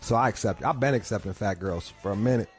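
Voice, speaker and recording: A man's voice: fairly low pitch, quick pace, soft background music. A man hosting a podcast from home, telling profane, rambling comic stories. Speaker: podcast host. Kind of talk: crude comedic rant. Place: home couch.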